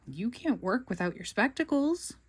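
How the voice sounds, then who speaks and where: A woman's voice: on the high side, very animated, moderate pace, breathy edge, voice pushed up. A woman voicing a dim-witted, friendly male starfish in a storybook read-aloud, dopey and enthusiastic.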